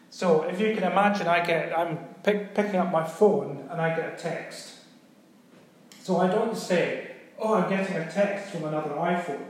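A man preaching a sermon, talking it through like a teacher and pausing to ask if everyone is with him. His voice sits a little higher than most men's. The recording carries a heavy echo from a big reverberant room. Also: darkish tone. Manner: conversational teaching, checks in with "okay?". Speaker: pastor. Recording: very echoey room.

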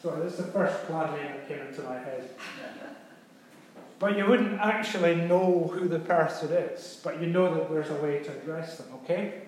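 A man preaching a sermon, talking it through like a teacher and pausing to ask if everyone is with him. His voice sits a little higher than most men's. The recording carries a heavy echo from a big reverberant room. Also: a little hiss or hum. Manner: conversational teaching, checks in with "okay?". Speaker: pastor. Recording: very echoey room.

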